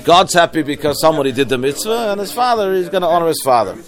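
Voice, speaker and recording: Man teaching Talmud, rather high voice. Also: expressive, quick pace. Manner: translating Aramaic phrase by phrase, explanatory. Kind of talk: Talmud study class.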